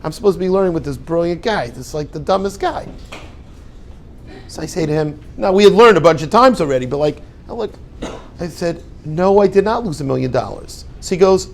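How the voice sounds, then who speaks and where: Animated older man telling a story. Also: fairly high pitch, a little fast, vocal fry. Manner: animated storyteller acting out dialogue. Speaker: rabbi and yeshiva head. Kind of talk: storytelling lecture.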